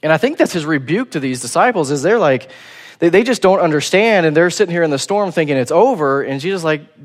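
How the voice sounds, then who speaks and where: A man preaching a sermon in a casual, conversational way, acting out quotes in a relaxed voice. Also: fairly high pitch, quick pace.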